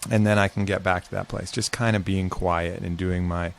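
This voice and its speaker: A man's voice: sits low, fairly even intonation, normal speed, gravelly, smooth. A man as a podcast guest, talking casually and earnestly about facing fear, with some swearing. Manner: earnest, reflective, profane. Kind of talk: casual conversation.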